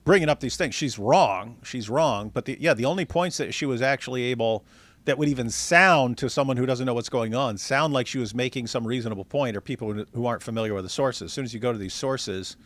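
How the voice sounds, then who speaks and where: Man, livestream host, excitable, casual commentary, dry sound. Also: mid-range voice, quick pace, no echo. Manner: excitable, talks to chat.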